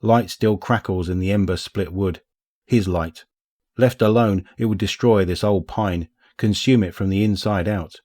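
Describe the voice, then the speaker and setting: Low-voiced man reading a story. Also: normal speed, darkish tone, dry recording, studio quality. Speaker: audiobook reader. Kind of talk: scripted narration.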